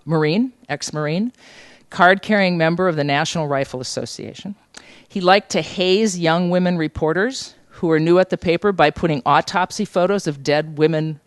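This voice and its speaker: A woman teaching a journalism seminar, telling an anecdote in an animated, conversational way and acting out the quotes. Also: deep voice, no room sound. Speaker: journalism instructor.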